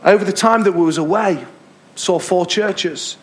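An English man preaching from the pulpit with a high-pitched voice. He tells stories in a lively way and hammers home his points by repeating them. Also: normal speed, husky. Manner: storytelling, emphatic repetitions. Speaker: pastor. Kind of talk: sermon. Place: church hall.

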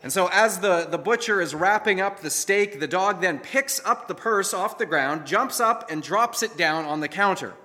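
A man preaching a sermon as pastor, praying and then telling a story in an animated way that acts out the quoted lines. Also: high-pitched, normal speed, hardly any pauses. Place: church sanctuary. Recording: long hall reverb.

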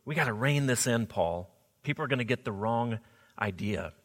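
A man's voice: mid-range voice, expressive, moderate pace. A man preaching a sermon as pastor, earnest, often asking the congregation rhetorical questions. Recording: long hall reverb.

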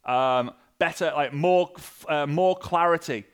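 Man, sales coach, animated coaching talk, big swings in pitch and volume, slightly high voice. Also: measured pace, clean tone. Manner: energetic, with big jumps in pitch and loudness; acts out sample messages in different voices. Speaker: sales and network marketing coach.

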